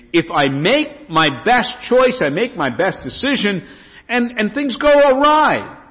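A man preaching a sermon as a pastor, swinging his emphasis up and down as he reads and explains scripture. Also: high voice. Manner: preaching with lively rising and falling emphasis. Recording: dull lo-fi sound in a reverberant hall.

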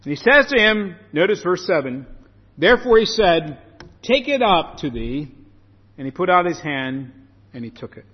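Animated high-voiced male preacher. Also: moderate pace, husky. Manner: animated, acts out the story in voices. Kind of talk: sermon. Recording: muffled echoey hall.

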